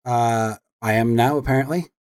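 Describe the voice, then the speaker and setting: A man speaking as a guest in casual podcast chat, easygoing and rambling with plenty of fillers. His voice sits at an average pitch for a man, recorded close and dry. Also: fairly even intonation, normal speed, a little mellow, smooth, dry recording.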